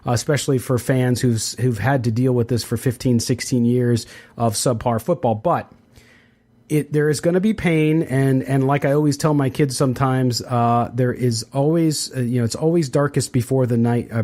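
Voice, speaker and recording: A middle-aged man hosts a sports podcast in a relaxed, conversational way. He runs through sponsor thanks at a quick clip, then settles into casual opinion talk. His voice sits at an ordinary pitch for a man. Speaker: podcast host.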